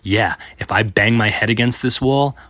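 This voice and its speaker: A man voicing a skinny, paranoid male patient who rants loudly and crudely. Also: lowish voice, normal speed, no room sound, natural voice. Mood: suspicious. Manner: loud, vulgar, paranoid.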